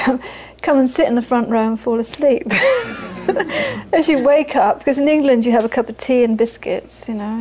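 A woman's voice: on the high side, darkish tone, rough recording. A woman Buddhist teacher giving an informal, conversational dharma talk to an audience, repeating phrases for emphasis and often laughing.

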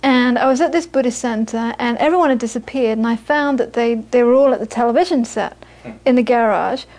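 Briskly, in a high and light voice, a woman who sounds middle-aged delivers an easygoing Buddhist teaching full of anecdotes. She chats her way through the stories, frequently starting over and repeating herself.

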